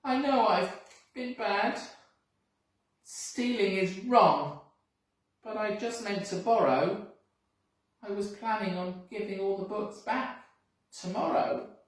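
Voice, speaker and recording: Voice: medium pitch, takes it slowly, pauses often, pitched above the performer's own voice, lightly acted. A school reader voicing a sniffling, apologetic male book thief from a storybook, recorded from a distance in an echoey room. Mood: sheepish. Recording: echoey room, mic far off.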